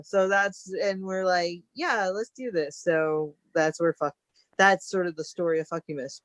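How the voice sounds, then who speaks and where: A woman's voice: deep voice, dry recording. A woman co-hosting a casual theater chat show, gushing and rambling with frequent laughter. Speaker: podcast co-host.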